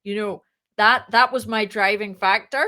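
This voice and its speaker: A woman, a startup founder, telling her story as a podcast guest, lively and acting out the voices in her anecdotes. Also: mid-range voice, unhurried. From moved to Ireland. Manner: lively, acts out quoted dialogue. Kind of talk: casual interview storytelling.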